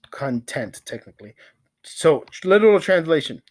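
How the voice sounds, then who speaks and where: Slow, drilling male language teacher. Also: fairly high pitch, animated, darkish tone. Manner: slow, repetitive drilling with counted pauses; dramatic exclamations between asides. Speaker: Spanish teacher. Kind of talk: storytelling language lesson.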